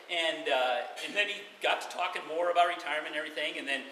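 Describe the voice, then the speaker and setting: A man in his sixties tells a joking story at a party, often laughing as he talks. His voice is high for a man. He is heard from far off in a big echoey hall, with noise behind him. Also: fast, bright, forceful tone. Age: 60s. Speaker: brother of the retiree giving a speech. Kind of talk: joking slideshow speech at a retirement party. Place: party venue hall, indoors.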